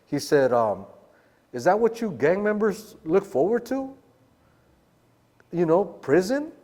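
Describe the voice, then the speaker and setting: A man's voice: high-pitched, sing-song, takes it slowly, darkish tone, in a large hall. A man guest telling a long story in casual street slang, acting out the voices of the people he quotes. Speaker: podcast guest.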